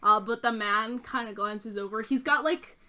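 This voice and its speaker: A woman running a tabletop game, narrating scenes in detail and sprinkling her talk with "uh". Her voice is bright and forceful, sitting slightly high. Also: normal speed. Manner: descriptive, with frequent "uh" fillers. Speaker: game master.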